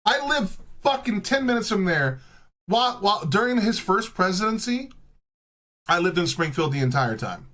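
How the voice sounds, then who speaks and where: A man's voice: high voice, very animated, normal speed, fairly bright tone. A man ranting casually and profanely while reacting to clips, often mocking people in put-on voices. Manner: heated, swearing, mocking impressions.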